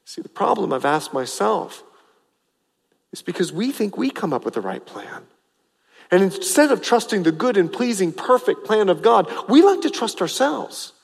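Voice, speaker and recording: A man's voice: high-pitched, big pitch swings, normal speed, creaky, slightly rough, big-room sound. A man preaching a sermon as pastor, emphatic and repetitive, stressing phrases over and over.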